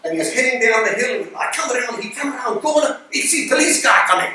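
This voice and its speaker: An older man telling lively anecdotes to a club audience, mimicking the broken English of the men he quotes. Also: extremely high pitch, fast, few pauses, background noise. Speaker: club speaker telling stories. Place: club hall. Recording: very echoey hall from far off.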